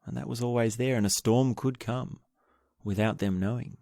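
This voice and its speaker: A man's voice: medium pitch, fairly even intonation, normal speed, vocal fry, dark tone, no room sound. A man hosting a book podcast, retelling a historical story in a casual, thinking-aloud way with restarts and asides. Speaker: podcast host.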